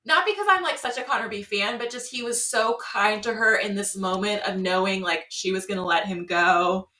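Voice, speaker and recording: Bright-voiced woman recapping, roomy and distant. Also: mid-range voice, moderate pace. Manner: animated storytelling with acted-out quotes. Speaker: podcast co-host. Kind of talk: casual recap chat.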